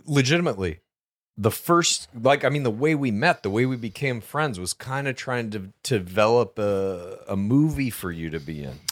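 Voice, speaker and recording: A man's voice: mid-range voice, animated, normal speed, no room sound. A man co-hosting a comedy podcast, chatting casually and making dry wisecracks. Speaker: podcast co-host.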